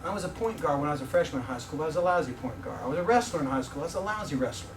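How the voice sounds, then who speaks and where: Racing along in a slightly high, expressive voice, the visiting professor, a middle-aged man, keeps preaching, sharing personal stories and joking with the audience. Slight background noise accompanies the distant mic in the echoing room.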